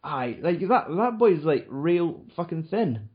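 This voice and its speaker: A man's voice: on the high side, very animated, slow pace. Male podcast host, casual and profane, rambling delivery, dull lo-fi recording. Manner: swears a lot, rambling with fillers. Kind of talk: casual chat.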